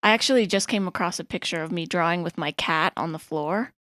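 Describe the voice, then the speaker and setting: A woman's voice: fairly low pitch, a little fast, a bit bright, dry recording, studio quality. A woman artist and art teacher speaking casually as an interview guest.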